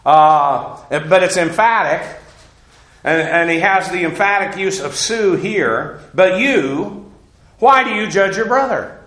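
A man's voice: high voice, animated, slow, fairly bright tone, reverberant. A man teaching through a Bible passage verse by verse, folksy and digressive, with asides and chuckles.

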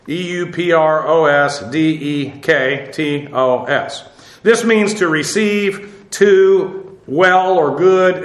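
A man teaching a verse-by-verse Bible study, explaining Greek words in an unhurried way with many "uh" fillers and spelling terms out letter by letter. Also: a little high, bright, forceful tone, echoey room.

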